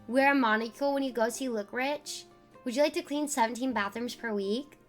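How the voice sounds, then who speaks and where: A woman's voice: on the high side, brisk, soft background music. A young woman streamer chatting and joking as she reacts live, with frequent fillers.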